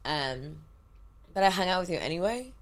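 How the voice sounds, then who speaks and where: A woman's voice: fairly low pitch, very animated, normal speed. A woman co-hosting a podcast as a sexologist, talking candidly and swearing freely in casual chat from a recording studio.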